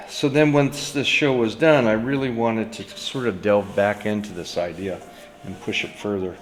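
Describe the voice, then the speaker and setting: A man, a painter, talking about his work in an unhurried storytelling way, with trailing fillers. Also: on the low side. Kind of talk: reflective studio talk. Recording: echoey room with soft music.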